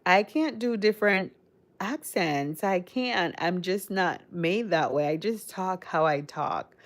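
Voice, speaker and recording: A livestream host originally from the Caribbean and raised in Connecticut chats casually with her viewers, rambling and speaking directly to the chat. Her accent blends Caribbean and American, and her lowish voice is expressive and slow.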